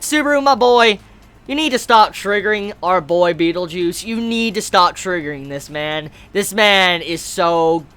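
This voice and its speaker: A woman in her twenties talking through an anime episode in a casual, animated way, swearing freely and repeating herself as she gets worked up. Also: medium pitch. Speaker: anime reviewer. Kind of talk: casual video commentary.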